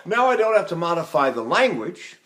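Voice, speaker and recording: This older male voice teacher talks a little fast, with big swings in pitch and a fairly bright tone. While lecturing on vocal technique, he stops to sing short phrases and syllables as demonstrations, some of them in falsetto.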